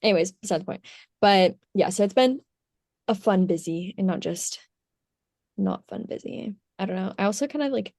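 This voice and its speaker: A woman's voice: medium pitch, expressive, moderate pace, gravelly, darkish tone, no echo, clean studio sound. A young woman co-hosting a podcast, chatting in a bubbly way and laughing often. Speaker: podcast co-host, youth leader. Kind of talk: casual chat. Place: home, on a call.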